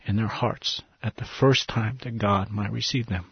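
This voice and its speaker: A man with a lowish, husky voice tells an earnest personal story as a guest in an interview, sinking to hushed tones at the tender parts. The recording is dry and a little dull, like lo-fi audio. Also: steady tone, normal speed, no echo. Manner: earnest, drops to a hushed, breathy voice at tender moments. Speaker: missionary guest. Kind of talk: emotional storytelling testimony.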